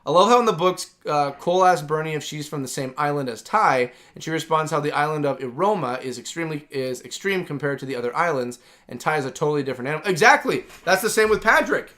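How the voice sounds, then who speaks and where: A man's voice: fairly high pitch, animated, fast, hardly any pauses, sharp tone. A man hosting a gaming livestream, chatting casually and enthusiastically, rambling with lots of "like". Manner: rambling and enthusiastic, heavy use of "like". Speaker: livestream host.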